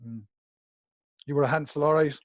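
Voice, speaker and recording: A man hosting a podcast interview in casual chat, quick, chatty and informal, over a video call. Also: a little high, fairly even intonation. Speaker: podcast host. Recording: dull, muffled video-call audio.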